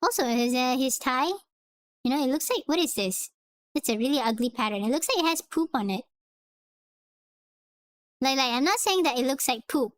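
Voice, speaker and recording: A woman's voice: high-pitched, animated, normal speed, long pauses, dry recording. A woman reading a comic aloud in a casual, playful way, chatting between lines with a tiring voice. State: voice getting tired. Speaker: comic reader. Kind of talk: casual comic read-along with character voices.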